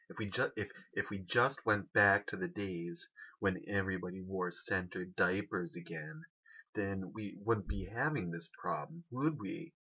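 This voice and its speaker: A man delivering a rambling, deadpan comic monologue with halting restarts. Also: sits low, breathy edge. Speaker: comedian. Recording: dull lo-fi recording.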